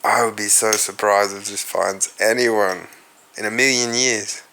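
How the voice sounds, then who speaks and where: Here the Australian host of a solo podcast has a lowish, sharp voice with fairly even intonation and a measured pace, plus a little hiss or hum in the audio. He muses and rambles aloud, swears casually, and talks right to his audience.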